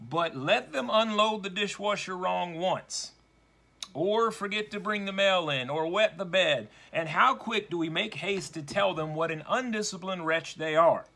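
A man preaching a sermon, slow and deliberate, leaning hard on key words for emphasis. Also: sits high, pushed and bright.

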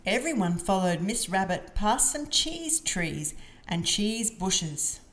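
Slow, expressive woman reading to kids. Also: medium pitch. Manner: gentle, expressive narration. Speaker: storybook reader. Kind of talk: children's read-aloud.

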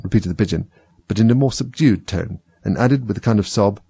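A man narrates a storybook in an animated, expressive way. His low voice is gravelly and a little husky, and the sound is dry and close. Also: a little fast, no echo. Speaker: audiobook reader.

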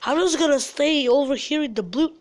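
A woman's voice: high voice, a little fast. A young woman hosting a gaming channel, ranting in frustration during casual game commentary.

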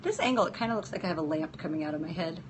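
A woman with a low voice talks in an animated, racing way over background noise. She's a nail technician hosting a casual live-stream chat, practical and chatty as she answers viewers by name.

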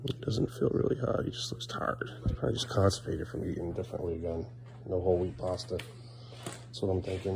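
With a low, brisk, creaky voice and noise in the background, a father in his thirties records a casual home vlog. He teases his young kids along playfully while muttering side comments.

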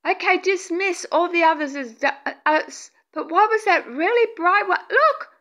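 A woman filming a paranormal vlog, breathless with excitement, calling out to spirits and pleading softly with them to appear. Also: extremely high pitch, moderate pace. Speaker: paranormal video maker.

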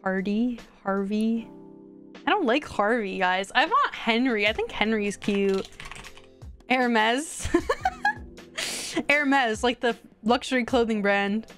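Woman, game streamer, chatty, excitable, higher voice, soft background music. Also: slow. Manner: chatty, excitable, talks to viewers. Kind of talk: casual live-stream commentary.

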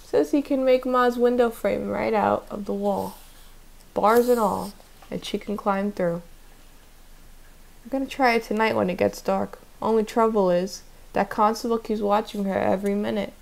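An earnest teenage country boy , read by a woman, presses his point in a folksy, hushed drawl. The voice carries a light gravelly texture, and it sits in a plain storybook reading. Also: medium pitch, steady tone, normal speed, natural voice, low-quality recording. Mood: urgent.

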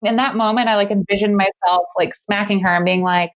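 A woman telling a personal story as a podcast guest, in a casual, animated way, laughing often as she talks. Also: mid-range voice, a little fast, dull audio.

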